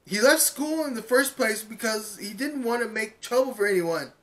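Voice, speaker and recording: A man's voice: high-pitched, moderate pace, a bit bright, voice pushed up. A man voicing a determined teenage girl hero making an impassioned plea to a crowd. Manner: impassioned, raised speechmaking.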